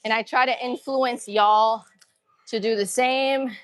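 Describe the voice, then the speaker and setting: A woman's voice: a little high, fairly even intonation, measured pace, no echo. A woman livestreaming her workout from an empty gym, chatting in a hyped, slangy way and greeting her viewers. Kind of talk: casual livestream chat while working out.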